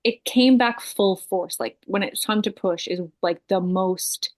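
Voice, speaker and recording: Woman in her thirties, podcast guest; loose, animated storytelling, frank and filler-heavy. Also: mid-range voice, unhurried. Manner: animated storytelling with frequent fillers, swearing and laughter. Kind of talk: casual chat.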